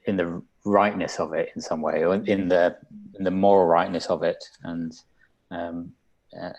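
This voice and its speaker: A man co-hosting a coaching podcast, talking in a halting, reflective way full of "um" and "you know". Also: low-pitched, level tone, darkish tone, dull audio. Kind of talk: casual reflective conversation.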